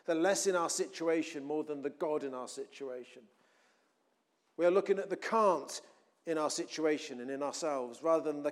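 A man preaching a sermon, telling a scripture story with animated acted-out voices. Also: on the high side. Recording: long hall reverb.

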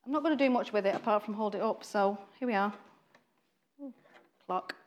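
A woman's voice: mid-range voice, brisk, highs cut off, a little hiss or hum. A woman giving an informal, chatty sermon, acting out quoted voices and laughing now and then. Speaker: preacher.

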